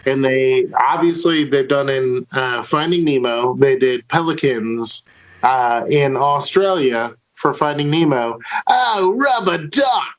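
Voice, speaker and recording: A man in a casual remote group chat, talking animatedly and trying out quick accent bits. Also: mid-range voice. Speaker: podcast co-host. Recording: dull lo-fi remote call audio.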